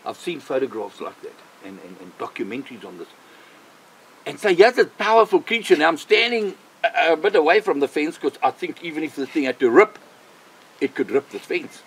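Older male missionary with a fairly high voice, vivid storyteller who leans on repetition. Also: a little fast, breathy edge, low-quality recording. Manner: animated, vivid storyteller who repeats himself for emphasis. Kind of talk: personal faith testimony storytelling.

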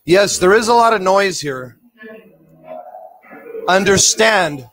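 A man's voice: high voice, takes it slowly, soft background music. A man doing a paranormal spirit box session, calling out questions to spirits and reporting what the apps say. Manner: hushed questions to spirits, bursts of excited shouting. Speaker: paranormal investigator.

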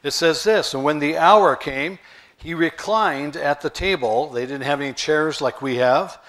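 Pastor preaching, fairly high voice. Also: male voice, a little slow, a bit bright. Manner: conversational preaching with rhetorical questions. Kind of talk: sermon.

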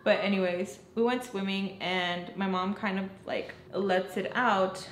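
A woman's voice: medium pitch, fairly even intonation, measured pace. A young woman chatting casually as she tells a personal story, emphatic and acting out quoted lines. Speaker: storytelling vlogger. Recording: roomy with faint ambient noise.

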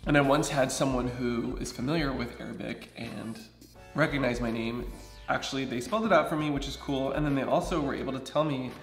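A man's voice: medium pitch, brisk, creaky, echoey room, soft background music. A man in his thirties from Southern California, talking candidly in a casual personal vlog and acting out what other people said to him. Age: 30s. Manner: chatty, candid, acts out other people's lines. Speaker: vlogger.

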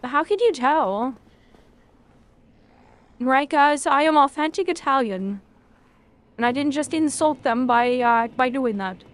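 A woman's voice: sits high, takes it slowly, pauses often. A woman streaming a video game, chatting casually with her chat, rambling and swearing freely.

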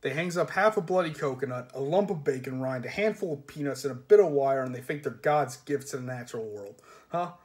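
Storybook raven, male, grumbling and boastful, rough-spoken, read by a man. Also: mid-range voice, expressive, a little fast, natural voice. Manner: rough, complaining.

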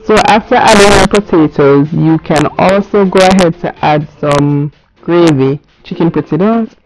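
A woman's voice: low voice, normal speed, darkish tone, poor audio. Chatty woman narrating a cooking video. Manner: chatty, with asides to viewers. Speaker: cooking channel host. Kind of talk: casual cooking voice-over.

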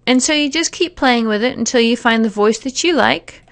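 Woman with a gravelly voice, explaining steps. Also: on the high side, normal speed. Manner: plain, step-by-step explaining with fillers. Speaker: teacher giving a software tutorial. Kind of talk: screen-recorded tutorial narration.

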